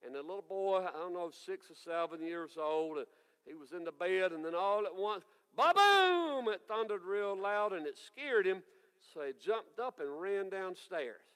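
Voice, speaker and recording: A man, preaching a sermon as folksy, animated storytelling. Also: high-pitched, moderate pace, clear, resonant tone, big-room sound, low-quality recording. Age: 60s.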